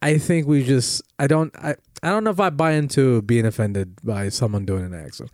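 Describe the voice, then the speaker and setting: A man's voice: mid-range voice, moderate pace, darkish tone, no echo. Rambling Minnesotan man, dry sound. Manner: rambling, profane, laughs often. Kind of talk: casual chat.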